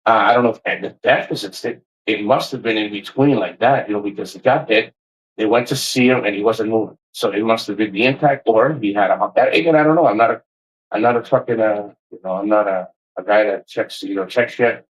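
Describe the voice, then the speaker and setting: A man ranting to camera in a passionate, energetic, heavily profane way, rambling and restarting as he makes his points. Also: lowish voice, fairly quick, poor audio. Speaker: vlogger. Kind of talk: casual rant to camera.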